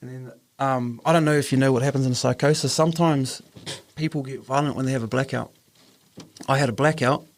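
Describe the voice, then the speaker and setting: A man's voice: mid-range voice, fairly even intonation, brisk. A man with a New Zealand accent telling a personal story in a casual podcast chat, earnest, acting out the voices of the people in it. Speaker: podcast host.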